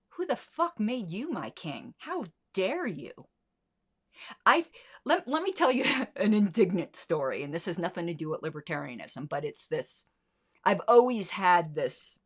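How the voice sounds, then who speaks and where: A middle-aged woman hosting a solo commentary show, talking in an indignant, sarcastic way and swearing freely. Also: low-pitched. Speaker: podcast host.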